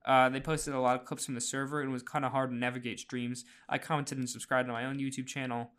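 A chatty man talking through a casual podcast recap at a middle pitch. He fills pauses with "uh" and restarts his sentences, and small laughs slip in. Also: little pitch movement, fairly bright tone, clean tone. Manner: chatty, laughs often, many fillers and restarts. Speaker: podcast host.

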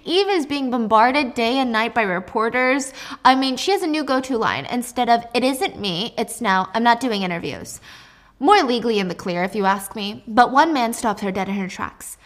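A woman narrating a recap of a drama series, telling the plot in a lively, conversational way. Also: a little high. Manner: animated, switches between narration and acted lines. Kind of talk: dramatic story recap with acted quotes.

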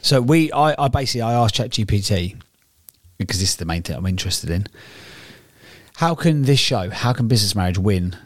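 A man's voice: fairly low pitch, animated, moderate pace. A man co-hosting a podcast, bantering with jokes and swearing. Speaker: podcast co-host. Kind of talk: casual chat.

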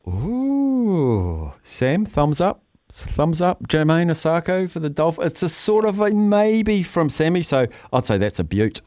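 A man's voice: fairly high pitch, huge pitch swings, unhurried, darkish tone, no echo. Kiwi radio host guy, chummy and upbeat, dead dry studio mic. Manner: upbeat, chummy, laughs often. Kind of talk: talkback radio chat.

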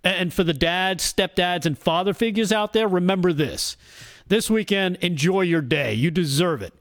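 A man's voice: sits high, moderate pace. A man hosting a satirical comedy segment, delivering mock-cheerful, mocking commentary with frequent laughs. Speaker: host of a political comedy segment.

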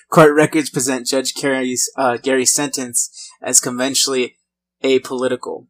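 A man's voice: mid-range voice, flat delivery, normal speed, rough recording. A man casually reading out a true-crime history, conversational, with small slips and restarts.

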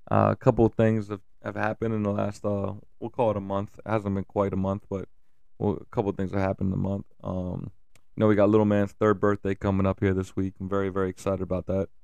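A man in his thirties speaks with a low, gravelly voice that stays fairly flat in pitch. His tone is dark and smooth, and he talks candidly about his family, swearing freely and stopping for fillers. The sound is dry and close, with no room echo. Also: a little fast, highs cut off. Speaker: father sharing family updates. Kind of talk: casual personal talk to camera.

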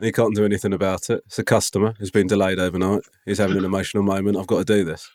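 A man's voice: low-pitched, little pitch movement, rapid-fire, a little mellow, no room sound, studio quality. A man chatting casually, telling a travel story with wry asides. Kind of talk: casual chat.

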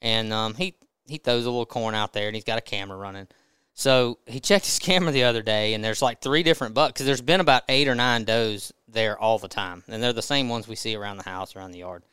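A man's voice: on the low side, fast, sharp tone, clear, resonant tone, no room sound. A man casually telling a funny hunting story as a podcast guest, laughing as he goes.

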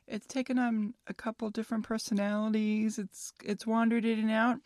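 A woman's voice: fairly high pitch, flat delivery, moderate pace, a little mellow, no echo, clean studio sound. A woman in her fifties hosting a casual solo podcast, chatty and self-mocking, laughing at her own jokes. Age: 50s. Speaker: podcast host.

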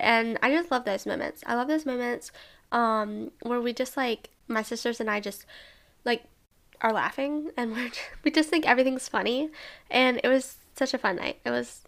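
A woman's voice: on the high side, creaky, fairly bright tone. A young woman from Alabama chatting casually about a trip with her sisters, bubbly and full of "like" and little laughs. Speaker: travel vlogger. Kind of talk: casual travel recap.

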